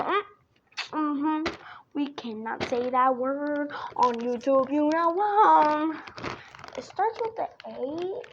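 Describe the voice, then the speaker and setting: A woman rambles to her viewers in a playful, giggly voice, tossing off jokey asides. Her voice sits high and she takes her time. The recording is a bit dull, with a faint hiss behind her. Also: slow pace. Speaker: vlogger. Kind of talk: casual rambling chat to camera.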